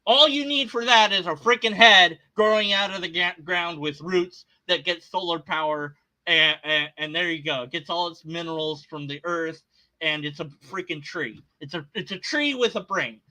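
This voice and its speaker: A man's voice: high-pitched, moderate pace, sharp tone, poor audio. A man commenting on a video he is reacting to, in an agitated, sarcastic and rambling rant. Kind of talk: casual rant.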